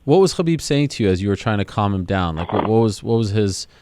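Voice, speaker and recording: A man hosting a show, asking quick follow-up questions. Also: on the low side, very animated, background noise. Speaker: show host. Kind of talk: interview questions.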